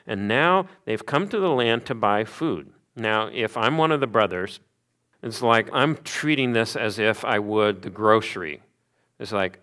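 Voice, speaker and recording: A man preaching a sermon, telling stories with animated asides and rhetorical questions. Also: medium pitch, unhurried. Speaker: pastor.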